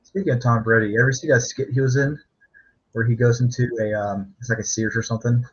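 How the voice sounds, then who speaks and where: A man's voice: mid-range voice, fairly even intonation, fast talker, slightly rough. A man co-hosting a casual sports chat, telling rambling stories with fillers and laughs. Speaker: podcast co-host. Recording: dull lo-fi sound.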